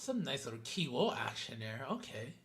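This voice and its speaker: A man's voice: on the high side, lively intonation, normal speed, a bit bright. A man streaming a city-building game, chatting casually with his viewers by name and swearing freely. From New York City. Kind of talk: casual live-stream gameplay commentary.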